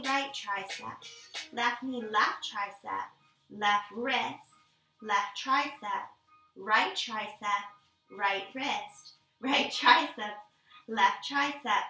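Calm woman cueing a yoga flow. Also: on the high side. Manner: calm, encouraging step-by-step instruction. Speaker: yoga instructor. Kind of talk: guided yoga class cues. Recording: echoey room, mic at a distance, music behind.

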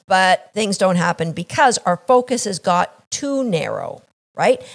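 A woman from Canada, a dog trainer explaining a training idea, acting out little scenes and checking in with "right?". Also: fairly high pitch.

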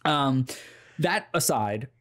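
Young male podcast co-host, animated, expressive pitch, casual and profane. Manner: animated, swearing, acts out game characters in quick put-on voices.

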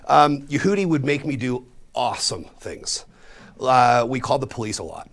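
A man in his forties from Colorado, telling a comic story on stage in a studio, animated and self-mocking, with sudden swings between loud and hushed. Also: medium pitch, moderate pace. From Colorado, USA. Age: 40s. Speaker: storyteller and magician. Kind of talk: comedic storytelling performance. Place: studio before a live audience.

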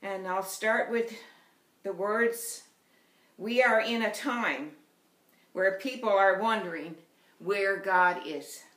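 Woman lay preacher, Newfoundland accent, steady earnest sermon, echoey church sound. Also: medium pitch, slow, long pauses. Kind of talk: sermon with storytelling. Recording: roomy church echo.

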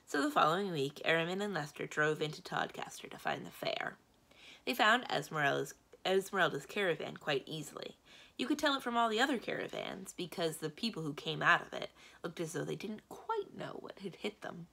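A woman librarian reads a children's novel aloud at normal speed, narrating steadily and expressively. Her voice is lowish and bright with a gravelly texture.

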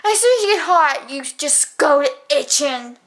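A woman's voice: high voice, animated, normal speed, slight background noise. A young woman, rambling and complaining at home in a casual vlog chat. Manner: rambling, complaining, lots of fillers. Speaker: vlogger. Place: at home indoors at night.

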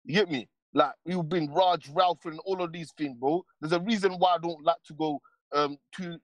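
A man's voice: on the high side, fairly even intonation, normal speed, no room sound. Slangy man on a rant. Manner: rambling, heavy street slang, many repeated tags. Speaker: stream panelist. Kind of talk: casual heated rant.

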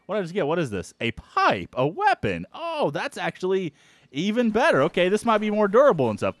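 A man hosting a let's-play, giving excitable, jumpy commentary and yelping at surprises. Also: high-pitched, brisk, dry recording. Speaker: gaming channel host.

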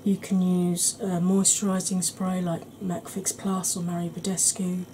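A woman explaining her makeup steps in a soft, chatty ASMR tutorial, often clearing her throat. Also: lowish voice, completely flat delivery, a little slow, slight background noise, low-quality recording. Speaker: beauty vlogger.

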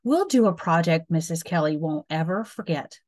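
A woman voicing George, a playful, eager schoolboy, in a lively read-aloud voice. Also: sits low, moderate pace.

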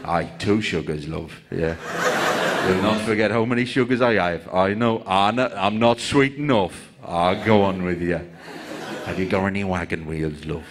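A comedian playing an unhurried, chatty mission controller with a Geordie accent. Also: male voice, sits low, a loud crowd, voice pushed down, close to an everyday voice. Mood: easygoing. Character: laid-back Geordie mission controller, man. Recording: live show with very loud background noise.

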